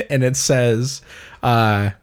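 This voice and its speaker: A man chatting casually about a video game, relaxed and chuckling as he recounts a scene and mimics its characters. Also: mid-range voice, extremely slow. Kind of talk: casual gaming chat.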